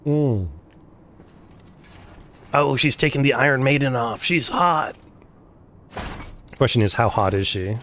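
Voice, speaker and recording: A man streams a game and chats casually with viewers, sarcastic and swearing freely, while game music plays behind him. His mid-range, slightly bright voice moves slowly with long pauses, over slight background noise.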